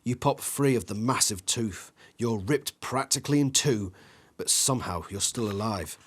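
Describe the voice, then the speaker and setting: A channel host reads an interactive adventure gamebook aloud with drama, acting out sound effects and screams and making some slips. He pauses now and then to think aloud about which choice to pick. His mid-range voice has a breathy edge and moves at normal speed.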